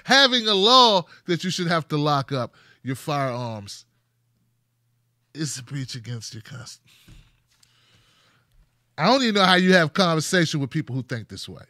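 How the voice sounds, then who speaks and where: This is a man hosting a casual commentary show, speaking. He is sarcastic and animated, full of rhetorical questions. His voice is bright and sits a little high, close and dry with no room around it. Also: a little fast, hardly any pauses, dry recording. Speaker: host.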